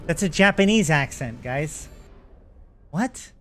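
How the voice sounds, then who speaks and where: A man's voice: on the high side, lively intonation, takes it slowly, faint music behind. A man hosting a live stream, chatting casually and rambling while he talks to his viewers. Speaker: streamer and host.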